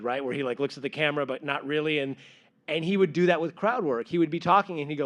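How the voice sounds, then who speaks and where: A man's voice: fairly high pitch, quick pace. A male comedian on a convention panel, telling stories and acting out quoted lines. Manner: animated storyteller, acts out quoted lines. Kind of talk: panel discussion.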